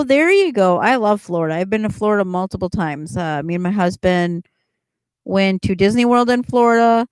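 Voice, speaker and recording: A middle-aged woman's mid-range voice comes through clear and resonant, with no echo, as she hosts a relaxed livestream. She rambles while responding to viewers and laughs a lot.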